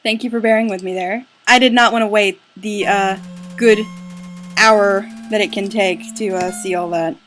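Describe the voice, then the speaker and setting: A woman's voice: mid-range voice, steady tone, moderate pace, a bit bright, faint music behind. A woman playing a video game and chatting casually to viewers, loose and a bit sweary. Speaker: let's play gamer.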